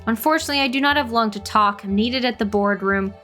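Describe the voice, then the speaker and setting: A woman voicing a stiff, formal male businessman who speaks in a flat, monotonous corporate tone. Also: fairly high pitch, fast talker, soft background music.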